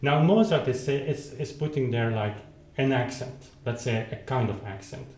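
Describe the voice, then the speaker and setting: A man's voice: mid-range voice, normal speed, darkish tone. Man teaching at the keyboard, roomy sound. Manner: thinks aloud, restarts, sings rhythms with syllables. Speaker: piano teacher. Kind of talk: demonstrating at the keyboard, explaining. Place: room with a keyboard instrument. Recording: roomy sound, instrument playing between phrases.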